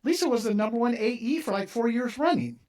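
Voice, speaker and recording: A man's voice: very high voice, fast. A middle-aged man hosting an interview, telling a long personal story and acting out the dialogue in it. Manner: animated storyteller, acts out quoted dialogue. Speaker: podcast host, mortgage company owner.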